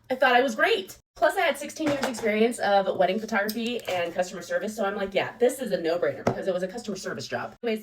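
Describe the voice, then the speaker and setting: Woman, 30s, quick sassy storytelling delivery, self-mocking, mic set slightly off. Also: medium pitch, recorded from a distance, poor audio. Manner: animated, sassy and self-mocking, with bursts of mock excitement. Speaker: storytime vlogger. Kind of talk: casual storytime monologue.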